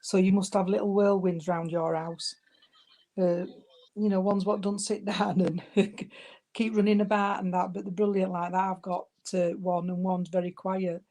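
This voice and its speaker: With a mid-range voice, a level tone and a moderate pace, this woman works as a spiritualist medium giving spirit messages. She is warm toward her listeners, addressing them as darling and sweetheart.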